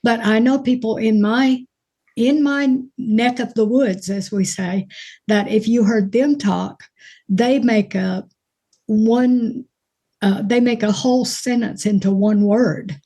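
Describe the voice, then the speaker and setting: A woman from Alabama with a mild Alabama accent, chatting as an actress guest in an interview, folksy and quick to laugh. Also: fairly high pitch, steady tone, mellow. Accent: mild Alabama Southern. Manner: folksy, chatty storyteller who laughs easily. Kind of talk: casual interview chat.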